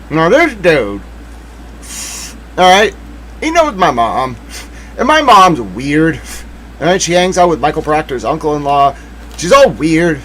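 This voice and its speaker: A man's voice: a little high, fairly bright tone, a little hiss or hum, rough recording. A man from Massachusetts hosting a casual livestream, talking in a sarcastic, joking, rambling way. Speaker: livestream host.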